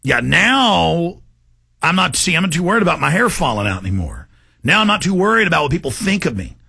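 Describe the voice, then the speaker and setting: A man's voice: on the high side, very animated, fairly quick, creaky, breathy edge. A man hosting a talk show, ranting in an impassioned monologue to his listeners. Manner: ranting, shouts in bursts, addresses folks directly.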